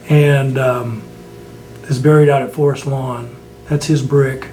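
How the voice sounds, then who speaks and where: A man's voice: medium pitch, flat delivery, takes it slowly, darkish tone, slight background noise. An older man, a veteran interviewee, rambling through stories in an oral history interview and laughing often. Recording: echoey room with faint ambience.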